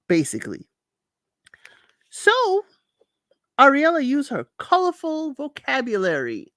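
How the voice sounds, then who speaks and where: A woman's voice: medium pitch, sing-song, unhurried, no echo, studio quality. A woman host giving a casual, colloquial recap of a reality show, scolding the people on it directly. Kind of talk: casual commentary.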